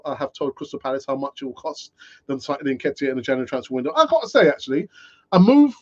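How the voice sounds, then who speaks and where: A man hosting a solo live fan-channel stream, ranting and talking to himself in an animated way. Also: fairly high pitch. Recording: dull lo-fi sound.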